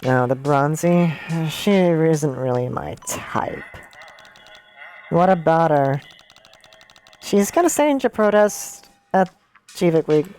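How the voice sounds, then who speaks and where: Low-voiced woman streaming a game. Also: expressive, slow pace, long pauses, a little mellow. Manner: reacts with confused asides between read lines. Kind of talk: casual game stream, reading dialogue aloud. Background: game music.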